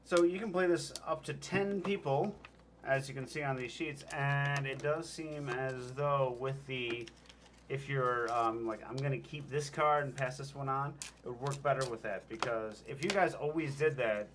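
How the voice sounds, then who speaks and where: A man's voice: mid-range voice, moderate pace, a bit bright, slight background noise. A man keeping score in a casual party game, joking and laughing often. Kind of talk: casual chat.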